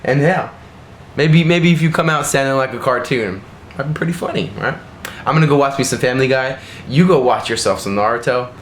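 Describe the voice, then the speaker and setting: A man's voice: mid-range voice, brisk, slight background noise. A man teaching in a casual, frank way, often tagging his sentences with "right?". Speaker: Japanese teacher answering a viewer question. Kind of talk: casual video lesson. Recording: roomy echo, faint ambience.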